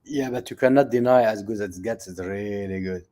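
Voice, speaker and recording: A man's voice: lowish voice, dark tone. A man in a casual conversation about films who hesitates and searches for words, laughing as he tells a story. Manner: halting, searching for words, laughs while telling.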